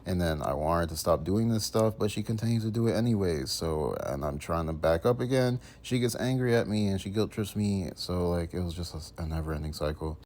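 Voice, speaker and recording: A young man talking casually as a vlogger, rambling through chat messages with lots of fillers and "bro", sometimes mumbling and sometimes getting loud. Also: low voice, fairly quick, few pauses.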